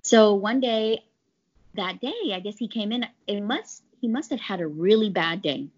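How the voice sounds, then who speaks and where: Woman guest, mid-pitched, lively storyteller, slightly dull lo-fi sound. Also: measured pace. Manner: chatty, animated retelling with quoted voices. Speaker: pharmaceutical sales rep. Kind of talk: conversational interview storytelling.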